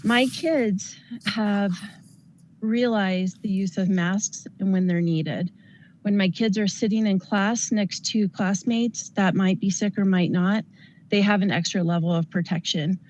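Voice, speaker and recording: A woman's voice: medium pitch, measured pace, a little mellow, a little hiss or hum, rough recording. Earnest woman nurse pleading at a meeting. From Colorado. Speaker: nurse giving public comment. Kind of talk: prepared public comment.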